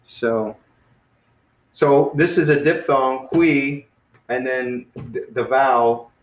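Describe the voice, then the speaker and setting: A man teaching a casual online beginner class, relaxed and friendly, often saying "man" and "you know.". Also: mid-range voice, takes it slowly, roomy sound, rough recording.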